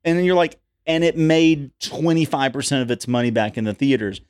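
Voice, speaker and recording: A man co-hosting a podcast, rambling on with many restarts and some throat-clearing. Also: mid-range voice, brisk. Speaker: podcast co-host. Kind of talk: casual chat.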